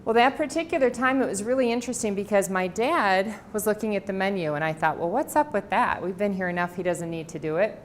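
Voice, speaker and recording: A woman's voice: medium pitch, fast, hardly any pauses, slight background noise. A middle-aged woman giving a library talk as an author, telling family stories with quoted dialogue. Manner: warm anecdotal storytelling with quoted dialogue. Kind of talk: personal storytelling talk. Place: library presentation room.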